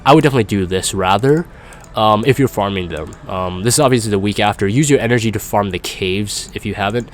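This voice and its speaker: A man's voice: lowish voice, fast, slight background noise. A young man chatting casually as a gaming YouTuber, rambling and self-deprecating while reading live comments.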